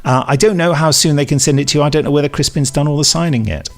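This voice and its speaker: A man's voice: a little high, steady tone, fast, faint music behind. A man co-hosting a podcast in casual chat, reading out listener emails and laughing at his own slips. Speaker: podcast co-host.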